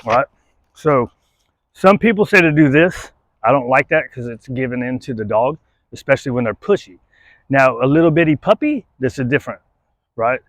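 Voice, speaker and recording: A man's voice: medium pitch, no room sound. A man teaching dog training, explaining his method and checking in with a repeated "right?", then cheering a dog on as he works with it. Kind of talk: hands-on training demonstration.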